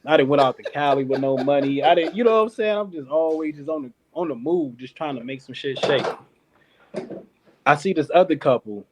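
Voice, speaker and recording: A man's voice: on the high side, a little fast, background noise. A man from Detroit, a clothing company founder, telling a long story as a podcast guest, laughing often and acting out what other people said. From Detroit, United States. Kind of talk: casual storytelling.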